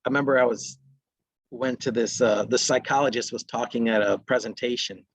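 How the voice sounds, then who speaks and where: A man with a husky, mid-pitched voice leads a parenting workshop, talking with parents conversationally in a steady tone and a fairly quick pace. Now and then he acts out short lines a parent or child might say. The recording is dry and close, with no room sound.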